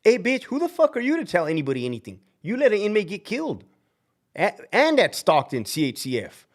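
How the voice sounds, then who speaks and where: Brisk and full of huge pitch swings, a prison guard hosting a live stream talks in a blunt, fired-up, profane manner. He acts out each quoted person with dramatic jumps in pitch.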